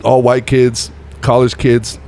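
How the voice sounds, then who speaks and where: A man's voice: medium pitch, takes it slowly, slight background noise. A man in his thirties from Northern Nevada, a comedian guest telling stories casually and laughing at his own tales. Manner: animated, laughs at his own stories, says bro and dude. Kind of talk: casual storytelling.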